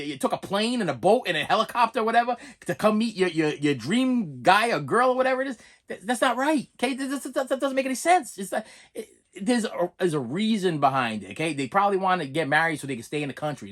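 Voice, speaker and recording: A man's voice: high-pitched, a bit bright. A middle-aged man ranting in a comedic vlog, exasperated and stumbling over restarts. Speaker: vlogger. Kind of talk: comedic rant and unboxing vlog.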